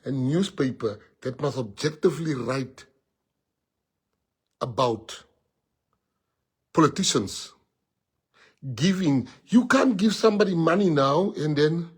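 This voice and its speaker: Husky South African man with a raised voice, animated storyteller in an interview. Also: a little high, slow, long pauses. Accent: South African, mixing in Afrikaans. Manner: animated, switches between English and Afrikaans. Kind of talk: casual anecdotal storytelling.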